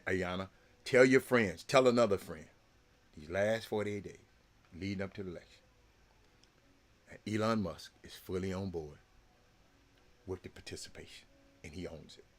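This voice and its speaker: A man's voice: low-pitched, a bit bright. A man, hosting a casual talk show and rambling to his viewers with lots of repeated words. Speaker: sports talk show host.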